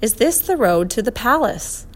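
A woman voicing a clever, kindly male professor in a storybook reading, brisk and reassuring. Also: on the high side, big pitch swings, voice pushed up.

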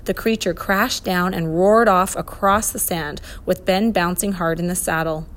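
A woman reading a children's adventure story aloud, expressive and lively. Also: fairly low pitch, measured pace. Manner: expressive, voices the characters. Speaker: narrator.

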